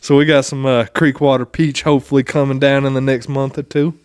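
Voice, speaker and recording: A man co-hosting a casual podcast, telling loose, rambling stories packed with profanity. His voice is smooth and resonant, and the sound is dry and close. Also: medium pitch, flat delivery, a little fast, darkish tone, dry recording. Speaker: podcast co-host. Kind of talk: casual chat and storytelling.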